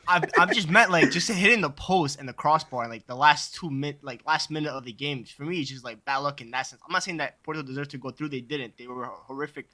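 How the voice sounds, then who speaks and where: A man's voice: fairly high pitch, bright, forceful tone. A man on a football panel, explaining himself defensively with lots of fillers. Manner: quick, hesitant, defensive, many fillers. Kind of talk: casual football chat.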